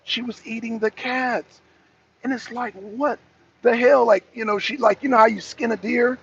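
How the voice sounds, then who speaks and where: A man with a high, gravelly voice hosts his own channel, ranting in a profane, repetitive, worked-up way. The recording is dull and lo-fi, with a faint hum of ambience behind him. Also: steady tone, moderate pace, fairly bright tone. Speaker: channel host. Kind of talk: ranting commentary monologue.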